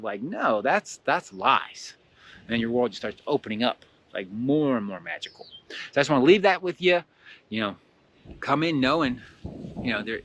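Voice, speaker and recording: A man talks loosely and warmly unscripted about inner healing, padding his sentences with fillers. His voice sits at an ordinary middle pitch and climbs sharply whenever he acts out the thoughts in someone's head. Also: slight background noise. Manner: rambling, many "you know" and "like" fillers, acts out inner voices in a raised pitch. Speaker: spiritual energy-work teacher. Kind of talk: casual motivational talk.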